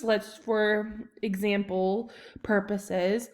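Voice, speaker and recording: Young woman teacher, casual screen-share walkthrough, chatty, loose, mid-pitched. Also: steady tone, takes it slowly. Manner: chatty, rambling, many ums and self-corrections. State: has the hiccups.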